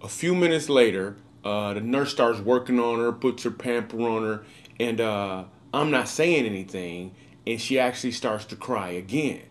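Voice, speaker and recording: A man's voice: medium pitch, normal speed. A man tells a personal story in a recorded video clip. He keeps it casual and upbeat, with slangy asides, in an ordinary mid-range voice. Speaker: comedian telling a story.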